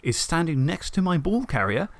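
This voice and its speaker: A man on a podcast, telling the story of a tabletop game match in a lively way, swearing and acting out his own thoughts. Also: fairly high pitch, normal speed, no echo. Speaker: podcast co-host. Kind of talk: casual tabletop game recap.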